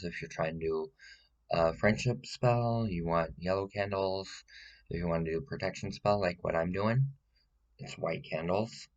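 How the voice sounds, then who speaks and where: Guy playing a rambling know-it-all witch lady, real low voice, slow, lots of ums, deadpan. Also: muffled recording. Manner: rambling, hesitant with many fillers, insistent "Okay?". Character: self-styled witch woman, rambling, confidently wrong. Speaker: witch giving a tutorial. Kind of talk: deadpan comedic character monologue.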